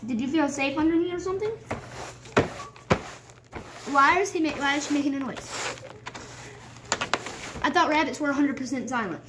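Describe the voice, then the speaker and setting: Cleaning out a rabbit cage at home, a young woman chats casually to the camera, wandering off topic and teasingly scolding her pets. She speaks high at normal speed, leaving long pauses. There's loud noise in the background.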